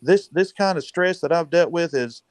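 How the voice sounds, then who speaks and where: A man's voice: a little high, normal speed, no echo. A man with a slightly raised voice pours out an agitated, profane rant. He keeps repeating "dude" as the story spills out, and the recording is close and dry with no room sound. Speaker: caller venting on a panel show. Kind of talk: emotional rant, casual talk.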